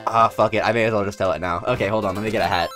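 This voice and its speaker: A man's voice: on the low side, fairly even intonation, rapid-fire, fairly bright tone, faint music behind. A man chatting casually as a streamer in his room, laughing often and swearing freely while telling a story.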